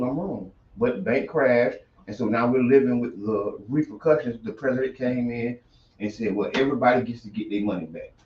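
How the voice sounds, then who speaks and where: A man's voice: medium pitch, far from the mic. Joking man co-hosting a morning show. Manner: joking, playful, stammers and repeats words. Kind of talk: casual livestream chat. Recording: dull, roomy, from off the mic.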